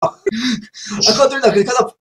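A man hosting a casual video chat, rambling and laughing often, a little croaky. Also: very high voice, unhurried, a bit bright. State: slightly croaky. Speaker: host.

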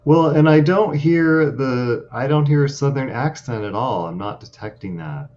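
A man hosting a casual interview, asking relaxed questions with joking asides and hesitant fillers. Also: mid-range voice, moderate pace, dull audio. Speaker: interviewer, club member.

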